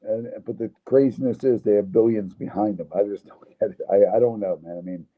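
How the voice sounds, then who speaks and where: Blunt low-voiced man on a tinny phone line. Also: fairly quick. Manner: blunt and opinionated. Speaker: guest, fight promoter. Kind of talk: casual interview chat.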